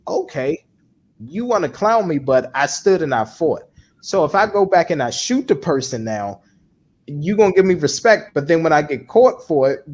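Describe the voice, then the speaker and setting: Animated man, higher voice, casual talk. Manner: animated, repeats himself for emphasis. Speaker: podcast co-host. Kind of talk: casual chat.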